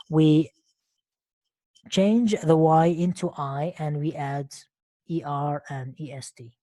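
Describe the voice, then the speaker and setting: A woman's voice: sits low, slow, mellow. A woman teaching an English lesson on an online call, speaking patiently and repeating words and questions for her learners.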